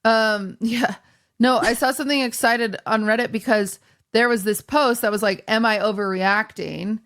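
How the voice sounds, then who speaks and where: A woman's voice: on the high side, moderate pace, clear, resonant tone. A woman hosting a podcast in casual chat, telling stories with animation and acting out the quotes. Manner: animated storyteller, acts out quotes. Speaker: streamer and podcast host.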